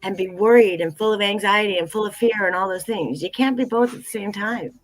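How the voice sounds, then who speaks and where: A woman's voice: mid-range voice, fairly quick, dry recording, poor audio. A middle-aged woman talking earnestly in a livestream conversation, repeating phrases and using many fillers. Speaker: tea business founder, guest.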